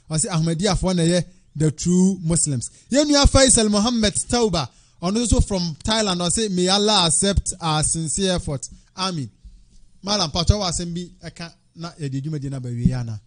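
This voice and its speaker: Male presenter, high voice, animated preaching, bursts of shouting. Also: normal speed. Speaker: Islamic radio presenter. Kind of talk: religious talk show.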